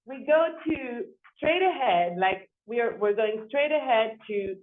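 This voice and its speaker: A woman architect telling a story in an interview, animated, often repeating and restarting her words. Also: a little high, measured pace. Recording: tinny phone-like sound.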